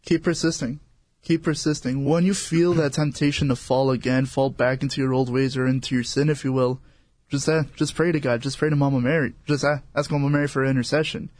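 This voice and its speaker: An earnest man speaks as a guest on a faith talk show, recorded dry and close. His pitch is ordinary and his tone encouraging, and he often repeats himself. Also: steady tone, fairly quick, darkish tone, no room sound.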